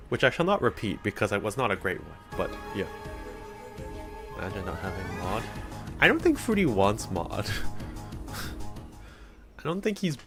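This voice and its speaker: A young man chats his way through a live game stream, rambling and quick with asides. His voice sits a little low, and faint music plays underneath. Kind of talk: casual live-stream commentary.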